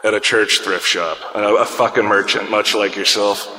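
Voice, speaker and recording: Over a noisy background in a reverberant, echoey room, a man with a lowish, steady voice talks at normal speed. He's a podcast co-host spinning a rambling, profane tale in casual conversation and laughing along.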